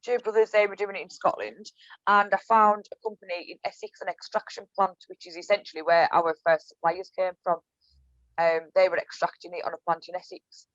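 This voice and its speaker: A woman's voice: lowish voice, little pitch movement, brisk, no echo, muffled recording. Chatty Cumbrian woman, storytelling. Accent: Cumbrian (Whitehaven). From Cumbria, England. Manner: chatty, storytelling, many restarts and fillers. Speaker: guest, business owner. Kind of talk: casual podcast interview.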